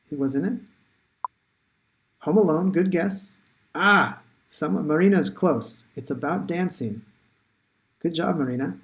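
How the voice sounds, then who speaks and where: A man's voice: fairly high pitch, gravelly, slight background noise. A man teaching English in a live online lesson, chatty and encouraging, thinking aloud with many fillers.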